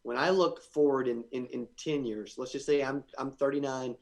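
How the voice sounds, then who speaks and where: A man's voice: mid-range voice, fairly even intonation, moderate pace. A man in his twenties, a guest on a podcast, talking energetically and often repeating words as he starts a thought. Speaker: guest entrepreneur. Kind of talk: casual interview conversation.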